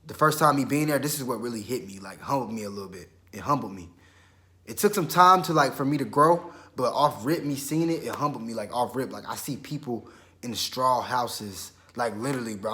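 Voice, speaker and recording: A young man from Georgia telling a story in a casual, slangy, profane way, quoting himself as he goes. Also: medium pitch. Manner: animated, quick retelling with self-quotes. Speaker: vlogger.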